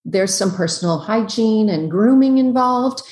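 Woman psychologist guest on a video call, emphatic explainer, mid pitch, echoey room. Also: lively intonation, darkish tone. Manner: emphatic, explanatory, talks in quick lists. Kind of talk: podcast interview giving advice. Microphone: computer on a video call.

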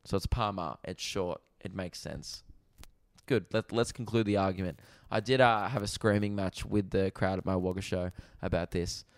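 A young Australian comedian hosts his podcast, telling stories in a loose, rambling way with swearing. His voice sits a little low. The sound is dry and close. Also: moderate pace, no room sound. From Victoria, Australia. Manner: rambling, animated storytelling with swearing. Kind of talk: casual storytelling chat. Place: rented holiday apartment.

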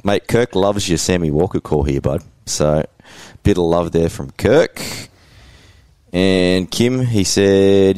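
A man's voice: sits low, takes it slowly, a little mellow, clear, resonant tone, dry recording. A man hosting a casual fantasy sports podcast, laid-back and laughing often, calling everyone mate. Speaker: podcast host.

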